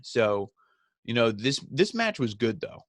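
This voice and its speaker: A man talks through a wrestling episode in a loose, sarcastic rant and keeps slipping into mocking asides. His voice sits at an ordinary middle pitch. The sound is dry and close, with no room around it. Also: sing-song, no room sound. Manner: sarcastic, ranting, mimics wrestlers in quick asides. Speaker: wrestling review host. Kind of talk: casual recap commentary.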